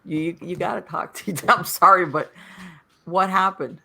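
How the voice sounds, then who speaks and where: A woman's voice: fairly low pitch, normal speed, gravelly, sharp tone. A woman hosting an interview, mostly reacting briefly and asking short questions. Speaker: host.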